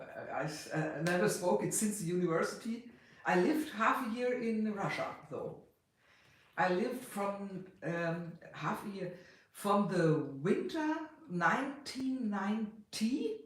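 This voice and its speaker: A middle-aged person from West Germany with a German accent tinged with Austrian, chatting casually on a livestream, halting and full of fillers, greeting viewers in several languages. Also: mid-range voice. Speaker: livestream host. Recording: very echoey room.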